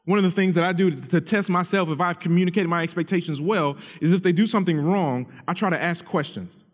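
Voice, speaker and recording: A man's voice: high voice, fairly quick. A man in his thirties, a pastor preaching about parenting in an earnest, conversational way, often restarting his phrases. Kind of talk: sermon on parenting. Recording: long hall reverb.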